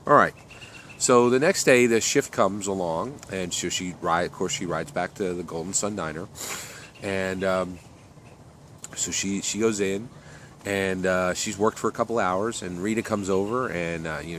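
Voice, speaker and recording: A man with a very low voice narrates a story off the cuff, stopping and restarting often and filling gaps with ums and you-knows. A faint hiss of noise sits under the recording. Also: a bit bright. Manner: rambling, many fillers and restarts. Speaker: author telling his story.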